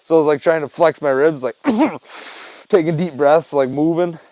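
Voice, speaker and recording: A man's voice: fairly high pitch, fairly even intonation, brisk, a little mellow, no echo, rough recording. A man chatting loosely to his camera at home, rambling, swearing and laughing as he tells a story. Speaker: vlogger. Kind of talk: casual rambling chat to camera.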